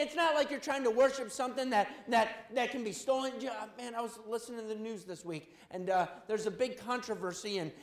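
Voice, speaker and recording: A middle-aged man preaching a sermon, swinging from loud exhortation to quiet storytelling. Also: sits high, reverberant. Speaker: pastor.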